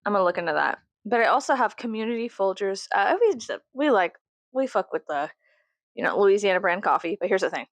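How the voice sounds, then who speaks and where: A woman's voice: mid-range voice, lively intonation, brisk, no room sound. A young woman from Texas rambling casually and profanely to camera as a vlogger, jokey and chatty.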